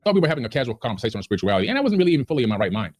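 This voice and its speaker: A man's voice: medium pitch, big pitch swings, rapid-fire. A man on a podcast, ranting in a heated, indignant way. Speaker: podcast guest. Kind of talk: agitated podcast rant.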